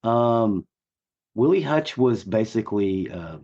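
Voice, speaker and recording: Hoarse, husky man chatting on a podcast. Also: fairly low pitch, animated, takes it slowly, dark tone, lo-fi sound. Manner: enthusiastic, rambling with many fillers. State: gruff, hoarse voice. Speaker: podcast co-host. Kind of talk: casual chat.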